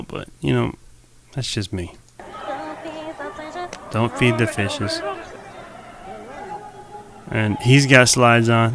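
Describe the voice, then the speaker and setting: A man's voice: mid-range voice, gravelly, a bit bright. A young man giving loose, slangy reaction commentary on a live stream, talking straight to viewers into a desk mic.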